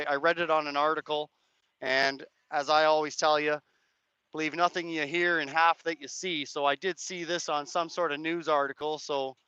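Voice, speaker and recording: Hoarse man streaming from a rally. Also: on the high side, sharp tone, muffled recording. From Canada. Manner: rambling, hedging, chats to viewers' comments. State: hoarse, cracked voice. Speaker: live streamer. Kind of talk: casual live-stream commentary. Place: outdoors at a street rally.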